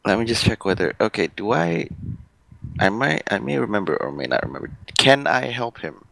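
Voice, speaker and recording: Male player, very low and gravelly, dry sound, self-mocking and hesitant. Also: sing-song, moderate pace, a bit bright, no echo. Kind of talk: casual tabletop play.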